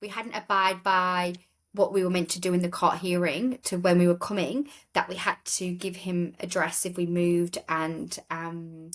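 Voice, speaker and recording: A woman's voice: lowish voice, steady tone, moderate pace. A woman from England, a guest telling stories in a casual interview, rambling, with restarts and acting out other people's voices.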